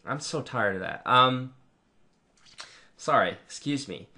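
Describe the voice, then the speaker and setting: Chatty man reviewing software, full of ums. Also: medium pitch, lively intonation, takes it slowly. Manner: rambling and chatty, many ums and restarts. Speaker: product reviewer. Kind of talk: casual screen-share software review.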